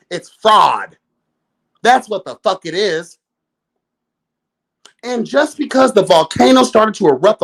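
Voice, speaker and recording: A man in his late thirties hosts a live review of a reality show. He rants in a sassy, profane, exasperated way. His pitch swoops up and down all the time. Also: a bit bright. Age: 30s. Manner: addresses listeners as girl and y'all.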